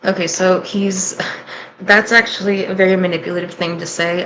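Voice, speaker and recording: A woman with a fairly low voice hosts a reaction commentary. She talks candidly and with a sarcastic, skeptical edge. A faint hum of noise sits under her voice. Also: a little fast, fairly bright tone, poor audio. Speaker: host and commentator.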